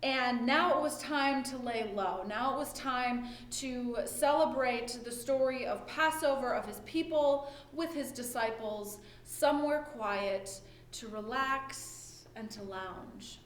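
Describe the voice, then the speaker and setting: A woman pastor preaches a sermon in a conversational way, often asking "right?", possibly in a church or at home during lockdown worship. Her fairly high voice moves slowly, and the echoey room carries faint ambience and slight background noise.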